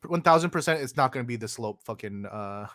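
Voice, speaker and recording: A man hosting a casual podcast, animated and joking, swearing often and calling people "dude". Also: mid-range voice, brisk, no echo, clean studio sound. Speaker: podcast host.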